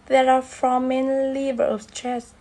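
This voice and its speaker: Brief: young female student presenter, slightly high voice, slow, hesitant read-through. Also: little pitch movement, mellow, rough recording. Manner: slow, halting reading with restarts. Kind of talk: reading a class presentation.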